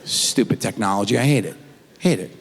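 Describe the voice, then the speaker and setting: This middle-aged comedian's voice sits on the low side and moves a little fast as he tells stories on stage. He brings them to life by imitating his kids. Long hall reverb fills the theater recording.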